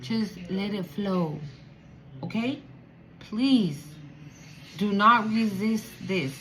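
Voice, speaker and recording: A woman giving a channeled spiritual reading to viewers, emotional and animated, swearing casually. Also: medium pitch, extremely slow, rough recording. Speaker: spiritual reader.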